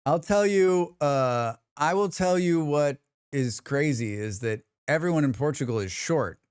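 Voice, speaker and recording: An American man chats on a live stream in a rambling, easygoing way, answering his chat as he goes. His voice sits a little high and swings widely in pitch, dry and close to the mic. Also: animated, a little slow, darkish tone, clear, resonant tone, no echo. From United States. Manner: rambling, chatty, reads chat aloud.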